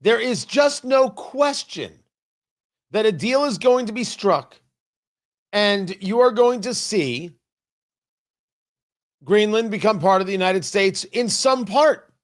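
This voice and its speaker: A man hosting a talk radio show, giving emphatic, animated commentary. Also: sits high, takes it slowly, long pauses. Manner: animated, emphatic, mocking impressions. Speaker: radio host.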